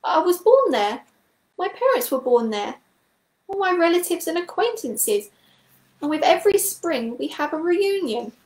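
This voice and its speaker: A woman reading a storybook aloud, voicing an excitable, fretful male toad in a raised, shaky voice. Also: very high voice, a little slow, roomy sound, voice pushed up, heavily acted. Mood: distraught.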